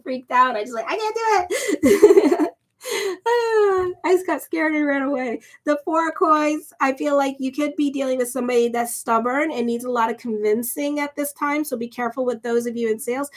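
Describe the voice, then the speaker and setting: A middle-aged woman astrologer rambling candidly and laughing often between tarot horoscope readings. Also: fairly high pitch. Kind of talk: casual chatty horoscope vlog.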